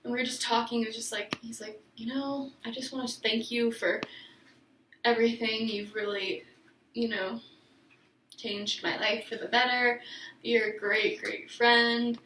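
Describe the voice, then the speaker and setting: A woman's voice: on the high side, flat delivery, unhurried, bright, forceful tone, reverberant, recorded from a distance, slight background noise, low-quality recording. Emotional young woman telling a love story. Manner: rambling, emotional, many fillers and restarts. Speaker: vlogger. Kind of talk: personal storytime vlog.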